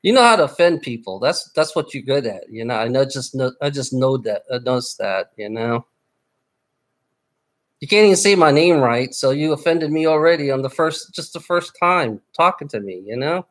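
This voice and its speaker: A man's voice: mid-range voice, animated, normal speed. A man on a live stream, ranting angrily at his chat with lots of swearing and stumbling restarts. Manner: angry, profane, repetitive, stammering restarts. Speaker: livestreamer. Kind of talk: casual live stream rant.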